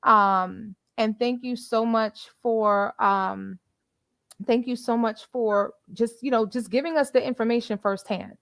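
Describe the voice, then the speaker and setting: A woman's voice: fairly high pitch, vocal fry, a bit bright, dry recording. Chatty woman livestream host. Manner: chatty, preachy, quotes scripture; repeats phrases, many fillers. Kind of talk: casual livestream commentary.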